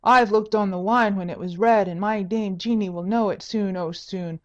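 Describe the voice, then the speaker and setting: A woman's voice: mid-range voice, steady tone, moderate pace, highs cut off, natural voice. A woman voicing a drunken man who sings carols and whines after falling in the snow, in an audiobook. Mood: whining drunk. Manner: whining, wailing. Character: drunken whining male carol singer.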